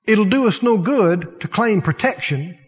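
A man preaching a sermon in an animated way, shouting and laughing as he mimics scenes. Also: sits high, unhurried, husky, faint music behind. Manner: animated, mocking voices, laughing at the devil. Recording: dull sound with long hall reverb.

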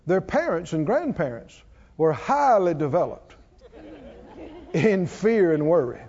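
A man preaching a sermon, calling on the congregation to answer back and building up to shouts. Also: a little high, big pitch swings, measured pace. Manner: call-and-response, coaxing the congregation, rising to shouts. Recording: dull sound with long hall reverb.

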